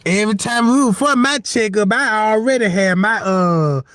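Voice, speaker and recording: Here a livestream host speaks at normal speed in a high-pitched, slightly bright voice, recorded dry. His comic story wanders, he laughs frequently, and he keeps asking whether you know what he's talking about.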